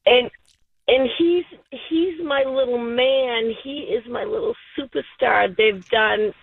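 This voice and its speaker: Choked up woman caller on a tinny phone line, breathy, slow halting words. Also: on the high side, dry recording. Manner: halting, emotional. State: choked up, tearful. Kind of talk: call-in radio caller. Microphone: telephone.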